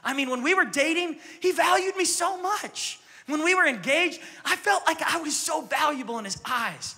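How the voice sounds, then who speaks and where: A man's voice: very high-pitched, expressive, normal speed, pushed and bright, big-room sound, voice pushed up, heavily acted. A male preacher voicing a wife who complains that she no longer feels valued by her husband. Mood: pleading. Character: complaining wife feeling undervalued.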